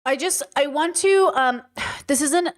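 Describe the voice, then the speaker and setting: Speaking at a measured pace in a high-pitched voice, this livestream host lectures her chat with earnest passion. It's commentary aimed directly at her viewers.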